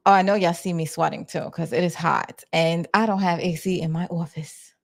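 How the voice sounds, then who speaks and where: New york lady livestreaming from her office, lowish voice, chatty and loose. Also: fairly even intonation, moderate pace, gravelly. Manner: chatty, talks to her chat, restarts and fillers. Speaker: livestream host. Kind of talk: casual livestream chat.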